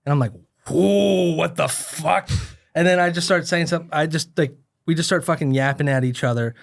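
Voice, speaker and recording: A man tells a rambling story on a comedy podcast, his voice sitting a little high for a man. He talks loosely and casually, the way friends do in the studio. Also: quick pace. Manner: rambling anecdote telling. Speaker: podcast co-host.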